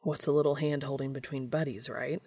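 Gruff, awkward adult male hunter, deep and quiet, halting delivery; woman voices him. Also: steady tone, heavily acted. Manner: low, hushed and hesitant.

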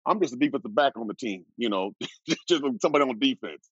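Fifties male guest from Oregon, ex-football pro; husky, animated, dry dull recording. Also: mid-range voice, fast, no room sound. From Oregon, USA. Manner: lively, laughs while telling stories. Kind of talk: animated storytelling.

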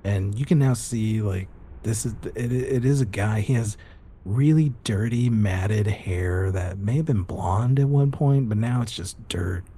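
Low, mellow game master narrating. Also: male voice, a little slow, husky. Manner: vivid, descriptive narration. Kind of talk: narrating a tabletop horror game.

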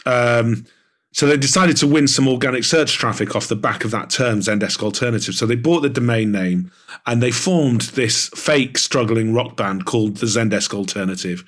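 A man being interviewed as an author, talking in an animated, enthusiastic way with plenty of fillers. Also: mid-range voice, moderate pace. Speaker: author and guest. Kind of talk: podcast interview.

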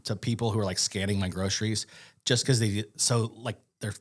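A man who works in radio and voiceover, chatting as a podcast guest and telling rambling, animated stories full of fillers. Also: lowish voice, a little fast. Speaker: radio host and voice actor. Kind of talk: casual chat as a podcast guest.

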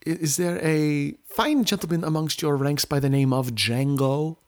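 A man putting on a polished, courtly German gentleman bounty hunter with a formal, ornate way of speaking and a German accent. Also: on the high side, measured pace, voice pushed up, lightly acted.

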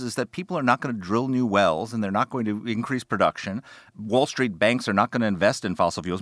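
A man's voice: on the low side, fairly bright tone, no room sound, clean studio sound. A man co-hosting a political podcast, arguing his points emphatically with sarcasm. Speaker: podcast co-host.

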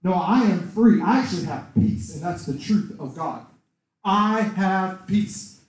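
A man preaching a sermon in a conversational, animated way, acting out quoted voices. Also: high voice, normal speed. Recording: echoey room, far from the mic.

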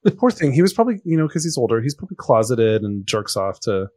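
A man in his thirties co-hosting a podcast, telling a story in a lively, exclamatory way. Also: mid-range voice, fast, dry recording, studio quality. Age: 30s. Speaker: podcast co-host. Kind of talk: casual storytelling chat.

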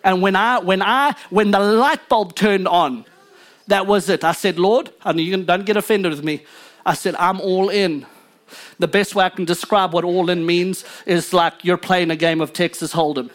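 Guy pastor preaching hard, really high voice, pushes then drops way down. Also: moderate pace, fairly bright tone. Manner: fervent, emphatic preaching with rising and falling intensity. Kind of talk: sermon.

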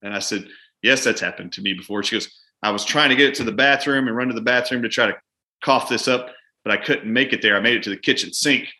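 A man, a doctor appearing as a guest, telling a long story from his practice in lively conversation and acting out both his own lines and his patient's. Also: medium pitch, fast. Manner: animated, acts out both sides of a patient exchange.

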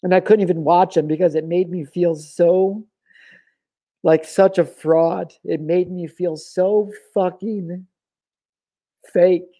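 A man speaking in a high voice, delivering a raw and heartfelt confessional monologue as the host of his own show. He talks with intense feeling and swears freely. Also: steady tone, takes it slowly, warm tone. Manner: raw, emotional, heavy swearing. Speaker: podcast host.

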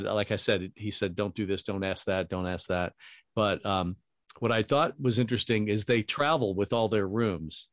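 Radio guy, lowish voice, rambling story, acts out what people said, dry mic. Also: dry recording. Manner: rambling anecdotes full of quoted dialogue. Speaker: radio host and voiceover talent. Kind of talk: casual storytelling.

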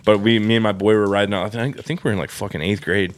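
A man's voice: on the low side, steady tone, rapid-fire. A young man with a Southern Californian accent co-hosting a casual podcast, talking in loose slang full of swearing and "dude.". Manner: profane, laid-back slang, lots of "dude". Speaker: podcast co-host. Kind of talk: casual chat.

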